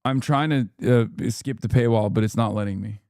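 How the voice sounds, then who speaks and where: A man in his thirties streaming live, reading news aloud fast and cutting in with exasperated, profane asides. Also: fairly low pitch, darkish tone, no room sound, clean studio sound.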